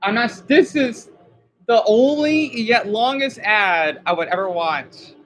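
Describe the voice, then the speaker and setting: A man's voice: high-pitched, slow, fairly bright tone. Young male streamer. Casual, rambling and emotional, chats straight to viewers. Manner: rambling, emotional, reads chat names aloud. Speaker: livestream host. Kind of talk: casual live chat.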